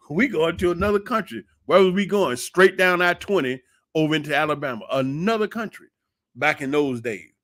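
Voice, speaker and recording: A man's voice: a little high, no room sound, clean studio sound. A man, telling nostalgic stories about his childhood in a casual, folksy way and laughing often. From Atlanta, Georgia. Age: 60s. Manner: folksy and nostalgic, laughs often, drifts soft and slow when moved. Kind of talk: casual reminiscing storytelling. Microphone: streaming setup mic.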